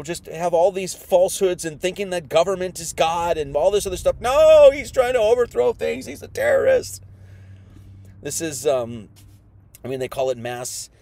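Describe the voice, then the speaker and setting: A man's voice: high voice, darkish tone. A man preaching an informal sermon, firing off rhetorical questions in a folksy, combative manner.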